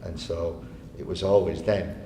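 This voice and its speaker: A man's voice: steady tone, unhurried. A man telling chatty anecdotes to a live audience, often laughing and acting out the people he quotes. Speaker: guest speaker. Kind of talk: live on-stage storytelling. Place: arts venue hall, live audience. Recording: echoey hall with faint rumble.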